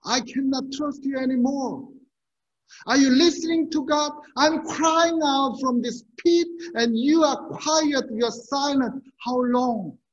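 Male pastor, earnest sermon delivery, unhurried, dull lo-fi recording. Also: extremely high pitch. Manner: earnest, measured preaching with rhetorical questions. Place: church sanctuary.

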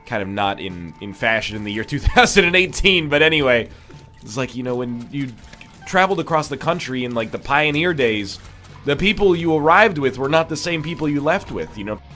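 A gaming YouTuber does let's play commentary in a fairly high, slightly bright voice that sounds congested and nasal. He rambles, cracks jokes, and keeps wandering off on tangents while he plays.

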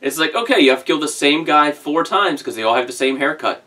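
A man co-hosting a casual movie review chat, joking fast and stammering as he starts his lines. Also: fairly high pitch, lively intonation, pushed and bright, distant mic. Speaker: co-host.

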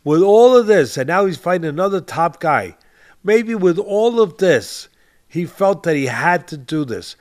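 A man's voice: high voice, sing-song, a little slow, darkish tone. An older man hosting a boxing podcast, talking with passion and stressing his points by repeating phrases. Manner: emphatic, repeats phrases for stress, addresses co-host by name. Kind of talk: impassioned podcast commentary.

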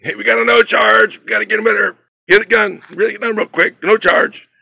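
A man voicing a loud, dismissive male paint shop manager in a retold story. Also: sing-song, gravelly, no echo, full character voice. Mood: brushing off. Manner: loud, raised pitch, hurried.

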